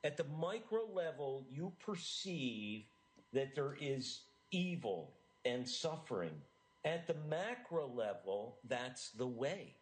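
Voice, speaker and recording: A middle-aged American man gives an eager interview in a voice of ordinary pitch for a man. He is earnest and animated, often restarting his sentences as he pushes his ideas forward. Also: takes it slowly, poor audio. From United States. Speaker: author and interview guest. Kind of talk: enthusiastic interview talk.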